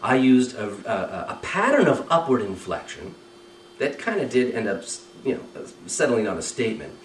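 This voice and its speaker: Lively-voiced man teaching, echoey room. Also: medium pitch, normal speed, recorded from a distance, slight background noise. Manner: explanatory, checks understanding with "right?" and "okay?". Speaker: communication trainer. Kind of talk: recorded training lesson.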